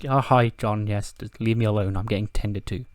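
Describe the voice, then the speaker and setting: A man's voice: lowish voice, steady tone, fairly quick, no echo, close to an everyday voice. Brief: weary young male wrestler, read by a man, curt, dry sound. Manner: sighing, curt.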